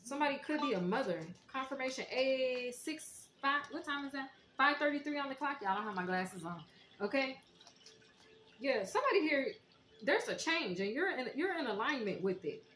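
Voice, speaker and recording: A woman's voice: high voice, expressive, normal speed. Emotional woman giving an echoey tarot reading. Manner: emotional, preacherly, breaks into soft song. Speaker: tarot reader. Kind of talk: spiritual tarot reading to viewers. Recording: echoey room with faint noise.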